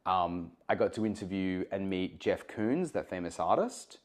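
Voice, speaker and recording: A man, a journalist and broadcaster, telling animated stories as an interview guest, often restarting his sentences. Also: low voice, moderate pace. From Australia. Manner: animated, eager, self-interrupting anecdotes. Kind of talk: conversational storytelling.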